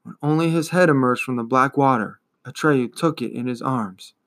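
A man reading a fantasy novel aloud in a measured, expressive storytelling manner. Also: medium pitch. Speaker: reader.

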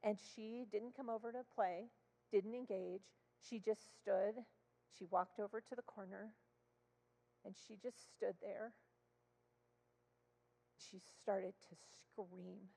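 A woman telling a story from a church stage, acting out the dialogue with lively animation. Her voice is mid-pitched with a gravelly edge, and the long reverb of a large hall hangs behind her words. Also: slow pace, long pauses. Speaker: child therapist sharing testimony. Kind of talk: storytelling sermon. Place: church sanctuary.

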